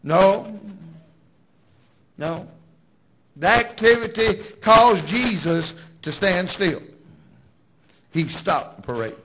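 Male preacher, emphatic sermon delivery, breathy and high. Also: animated, takes it slowly, pauses often, fairly bright tone, poor audio. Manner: dramatic, emphatic storytelling.

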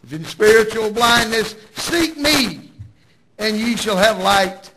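Male preacher, emphatic sermon delivery, breathy and high. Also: steady tone, moderate pace, sharp tone, low-quality recording. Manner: dramatic, emphatic storytelling.

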